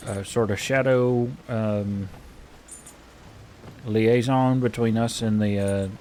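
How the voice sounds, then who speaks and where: A man playing a frontier healer in relaxed in-character roleplay, rambling and hesitant with many fillers. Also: lowish voice, slow pace, slight background noise. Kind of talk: in-character western roleplay chat.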